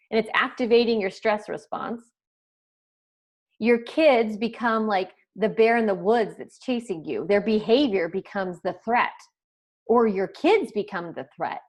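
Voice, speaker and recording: A woman parenting coach giving a live online training in a conversational, chatty way with asides to viewers. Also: mid-range voice.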